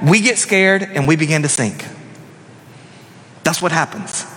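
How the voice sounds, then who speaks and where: A man preaching a sermon as a pastor, telling the story dramatically and dropping into hushed emphasis. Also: sits high. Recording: long reverb of a church hall.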